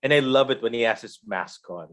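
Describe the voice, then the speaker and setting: A man's voice: mid-range voice, fairly quick, a bit bright, highs cut off. A man co-hosting a podcast, talking earnestly in casual chat about a show he likes. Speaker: podcast co-host. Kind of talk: casual chat reviewing shows.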